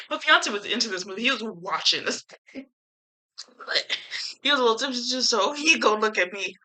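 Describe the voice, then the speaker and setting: A young woman talks straight to her camera in a loose, chatty movie review. Her voice sits a little high and has a bright, forceful edge. She is lively and slangy, laughs easily and swears without a second thought. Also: brisk, low-quality recording. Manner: animated, laughs a lot, swears freely, slangy. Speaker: YouTuber reviewing a film.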